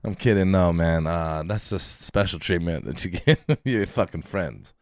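A man's voice: low-pitched, animated, normal speed, no echo, clean studio sound. A man co-hosting a podcast in casual chat, telling stories with lots of swearing and laughter and acting out what people said. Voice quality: swearing, laughing storyteller who acts out quotes. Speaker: podcast co-host.

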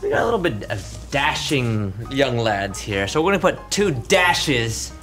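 A man playing a hammy showman bartender for comedy, swinging from loud hype to mumbled asides, with music behind. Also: mid-range voice, very animated, measured pace. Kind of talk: comedic in-character banter. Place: bar set.

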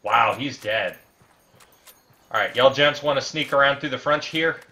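A man hosting a casual gameplay session with loud, crude banter and bursts of shouting. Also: medium pitch, measured pace. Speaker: let's play host.

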